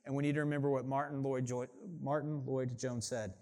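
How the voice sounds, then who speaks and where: A middle-aged pastor preaching a sermon in a conversational way, often saying "like" and restarting sentences. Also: male voice, mid-range voice, level tone, a little fast, a little mellow.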